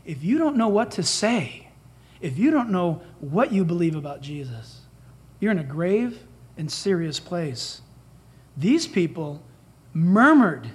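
A man's voice: sits high, very animated, slow, husky. A man preaching a sermon as pastor, emphatic and dramatic, acting out the dialogue he quotes.

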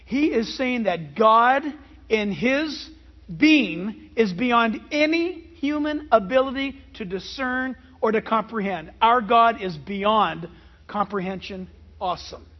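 The sermon comes slowly from a pastor whose voice is pitched unusually high. He preaches with animated emphasis and many rhetorical questions, captured in dull, lo-fi audio.

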